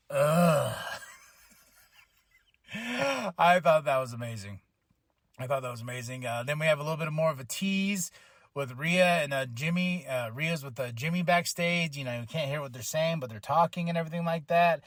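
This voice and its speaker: A man hosting a podcast, casually recapping a wrestling show, excitable, laughing often, swearing and acting out what people said. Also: on the high side, dry recording, studio quality. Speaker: podcast host.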